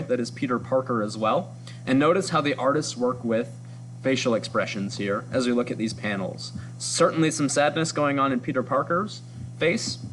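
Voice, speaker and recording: A man's voice: mid-range voice, fairly bright tone, a little hiss or hum. Man explaining a comic like a teacher. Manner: explanatory, upbeat, with ums. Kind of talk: reading and analyzing a comic for students.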